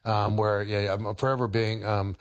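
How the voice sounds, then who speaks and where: A middle-aged man with a fairly low voice talks through cooking as a radio guest. He stops and starts often, hunting for words with lots of ums and likes. He slips into telling a folk story in the same relaxed way. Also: highs cut off. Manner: halting, many fillers and restarts, storytelling. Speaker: historian and chef, radio guest. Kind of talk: casual radio interview, explaining cooking.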